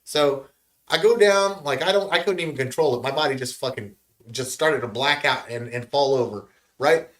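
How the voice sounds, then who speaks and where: A man telling a story in casual podcast chat, profane and animated. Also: medium pitch, moderate pace.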